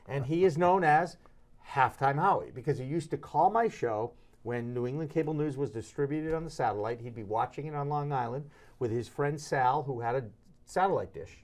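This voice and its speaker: A middle-aged man hosting a sports talk show, telling stories in a casual, animated way and slipping into high voices when he quotes people. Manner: animated, jumps into high-pitched voices when quoting others.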